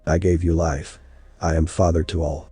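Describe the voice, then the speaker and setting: A man's voice: little pitch movement, moderate pace, dark tone, no room sound, faint music behind, exaggerated voice. A man voicing a proud, wrathful male creator god who speaks in a grandiose, archaic way, in a story reading. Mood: indignant. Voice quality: deep husky voice.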